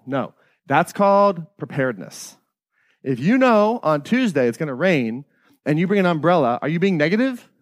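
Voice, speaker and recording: A man's voice: a little high, lively intonation, moderate pace, no echo, studio quality. A middle-aged man leading a live workshop, talking casually and with profanity, often checking in with the audience by asking "right?". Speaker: workshop leader.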